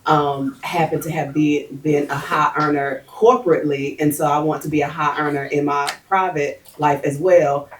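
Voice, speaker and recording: A woman's voice: low-pitched, steady tone, normal speed, hardly any pauses, a little hiss or hum. A woman in the audience asking the speaker a question, hesitant and thinking aloud. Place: audience in an event room. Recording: distant from the mic.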